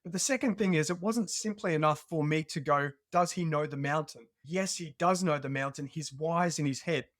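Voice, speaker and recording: A man with an Australian accent, a podcast guest telling a personal story in an earnest, animated way. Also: fairly high pitch, brisk, few pauses, no room sound, clean studio sound. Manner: earnest and animated, acts out remembered dialogue. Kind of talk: conversational storytelling.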